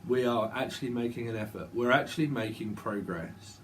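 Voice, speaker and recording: Man, tarot reader, casual, rambling, repeats himself, mid-pitched voice. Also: brisk, a little hiss or hum. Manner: rambling, repeating words and names. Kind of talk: casual channelled tarot reading.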